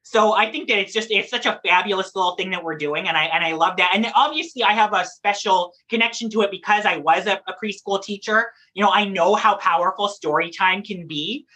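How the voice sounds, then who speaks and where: A woman who performs in drag and reads at story time chats in a lively, playful interview, laughing often. Her mid-range voice has a breathy edge, and she talks a little fast with few pauses.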